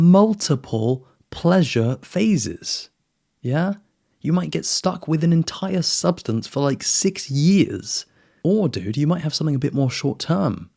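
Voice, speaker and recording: A man's voice: medium pitch, gravelly, darkish tone. A young man giving a casual, intense motivational talk, swearing often and calling the listener man and brother. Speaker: self-improvement vlogger.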